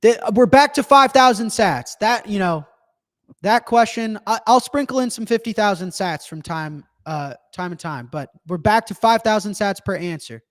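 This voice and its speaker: A young man hosting a live show, talking in a casual, animated and profane way. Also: sits high, normal speed. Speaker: livestream host.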